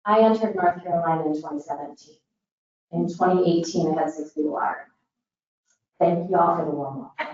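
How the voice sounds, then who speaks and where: A woman from Northern Indiana with a northern US accent, giving an earnest public forum presentation for a disaster recovery group, with many "um" fillers. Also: on the low side. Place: large meeting room. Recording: echoey hall, distant, dull mic.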